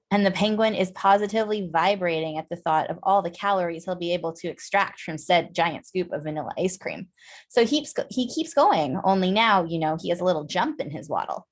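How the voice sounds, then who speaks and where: A woman reads a comic monologue in a wry, conversational way. Her voice is mid-pitched and even, and her delivery sounds like casual storytelling. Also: moderate pace. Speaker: play reader. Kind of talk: reading a comic monologue aloud.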